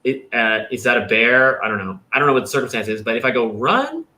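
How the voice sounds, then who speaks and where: A young man hosting a livestream, chatting casually and explaining his ideas with lively vocal demonstrations. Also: mid-range voice, quick pace. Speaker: host.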